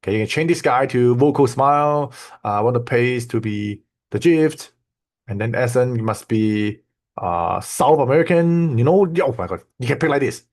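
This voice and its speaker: A man's voice: mid-range voice, normal speed, darkish tone. A man in the middle of a casual screen-share tutorial, talking in an everyday mid-range voice. He teaches loosely and repeats himself, often checking that his students are following along. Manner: loose, repetitive teaching with frequent "okay?" and "right?". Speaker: online course instructor.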